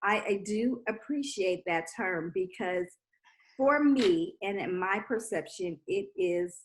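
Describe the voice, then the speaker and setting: A woman in a casual TV recap chat who gives considered opinions and pauses to search for words. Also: mid-range voice, expressive, rough recording. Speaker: podcast co-host.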